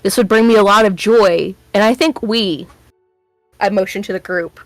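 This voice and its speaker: A woman's voice: mid-range voice, moderate pace, dry recording, soft background music. Playful, opinionated woman at a game table. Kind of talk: casual chat during a tabletop game.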